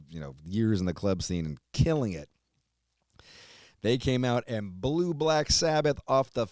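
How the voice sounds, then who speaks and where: A man hosting a show, giving an emotional tribute while on the verge of tears, swearing often and trailing off quietly. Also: low voice, no room sound, studio quality. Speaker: host.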